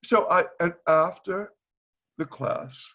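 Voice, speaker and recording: An older retired teacher from Boston, appearing as a guest on a video call, tells candid stories and acts out the quoted dialogue, laughing often. He's an animated storyteller with a high-pitched voice who takes things slowly.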